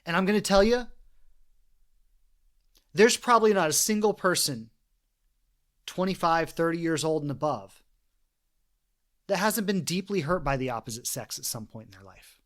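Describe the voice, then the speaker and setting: A man's voice: fairly high pitch, lively intonation, normal speed, pauses often. A man hosting a relationship podcast, talking earnestly in a reflective monologue and retelling stories with quoted voices. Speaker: podcast host.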